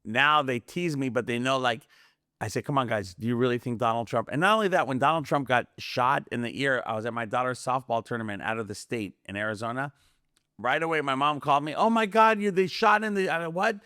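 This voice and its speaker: A man rambles through stories on a podcast, jumping between tangents and mimicking the people he quotes. His pitch sits in the middle range. The recording is close and dry. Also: fairly quick, no room sound. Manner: rambling, animated, acts out quoted voices. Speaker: podcast guest. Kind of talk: casual conspiracy podcast chat.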